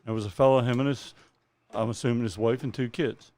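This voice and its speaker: A man's voice: medium pitch, steady tone, fairly quick, a little mellow, no room sound. A man co-hosting a casual talk show, laid-back with dry humor. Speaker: co-host. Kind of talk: casual chat.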